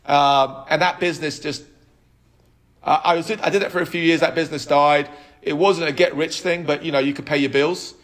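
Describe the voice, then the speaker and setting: A man in his thirties, a podcast guest telling his life story in an animated way, with frequent restarts. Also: a little high, fairly quick. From United Kingdom. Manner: animated, acts out quoted dialogue, frequent restarts. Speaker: podcast guest, app co-founder.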